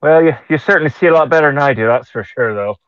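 A man's voice: on the high side, fast, fairly bright tone, no echo, natural voice. A man voicing a wry, blunt Irish vagabond in an Irish accent, talking offhand and swearing, on a slightly muffled mic.

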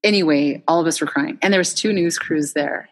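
A woman founder, a guest in a casual interview, telling stories in an animated way with many restarts. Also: sits low, brisk, long reverb tail.

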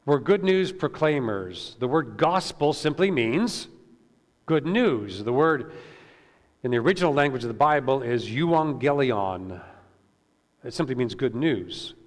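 Male pastor, mid-pitched, casual sermon delivery, church hall reverb. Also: lively intonation, a little slow. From Canada. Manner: conversational preaching with fillers and repeated words. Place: church sanctuary.

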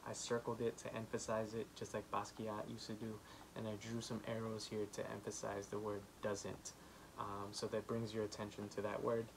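A man giving a children's art lesson, gently encouraging and talking with many "um" fillers while he draws. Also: lowish voice, a little hiss or hum. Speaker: art teacher.

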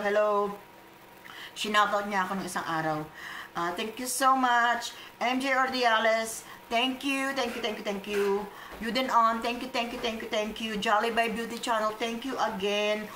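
A woman with a Filipino accent from the Philippines, reading out casual shout-outs in a vlog, chatty and hesitant with many fillers. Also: fairly high pitch, roomy sound, slight background noise, low-quality recording. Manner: chatty, hesitant, fillers and Tagalog code-switching. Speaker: vlogger.

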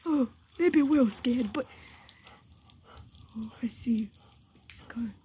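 A woman voicing a playful, boastful pet dog battling water, speaking in excited, stammering baby-talk for a home video. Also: very high-pitched, takes it slowly, very noisy, heavily acted.

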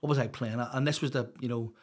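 A man's voice: mid-range voice, steady tone, fast talker, breathy edge. A Northern Irish man, a podcast guest, telling his life story in a rambling, open way, full of "you know". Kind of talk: casual storytelling interview.

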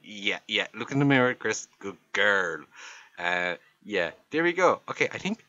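A young man with an Irish accent riffs over a makeup video, mock-exasperated and teasing. His voice is bright and bouncy, swinging widely in pitch. The sound is dry and a little dull. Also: expressive, moderate pace, no echo. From Ireland. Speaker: voiceover commentator.

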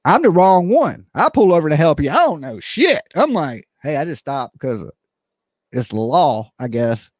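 Animated, high-pitched man livestreaming. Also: normal speed, dry recording, clean studio sound. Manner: animated, joking, rambling, swears casually, calls himself by name. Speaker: livestream host. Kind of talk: casual livestream chat.

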